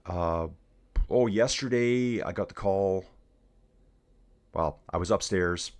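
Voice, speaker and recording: A middle-aged man giving casual live commentary on a bike race, chatty and energetic, calling his viewers dudes and guys. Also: low-pitched, slow.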